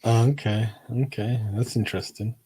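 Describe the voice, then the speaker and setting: A man's voice: mid-range voice, steady tone, normal speed, dark tone, slightly rough. A man with a mid-range voice co-hosts a casual football chat. He reads viewer comments aloud and agrees with his partner in an easygoing way. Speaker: co-host reading viewer comments.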